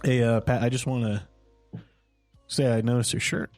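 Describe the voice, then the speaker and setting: A man's voice: medium pitch, steady tone, moderate pace, a little mellow, faint music behind. Joking man co-hosting a chat show. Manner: joking, laughs often, riffs on ideas. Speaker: podcast co-host. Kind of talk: casual comedic chat.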